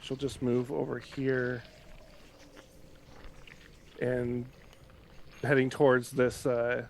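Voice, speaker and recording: Man player, hesitant and halting. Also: medium pitch, level tone, vocal fry, a little hiss or hum. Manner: hesitant, many fillers. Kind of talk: casual tabletop play.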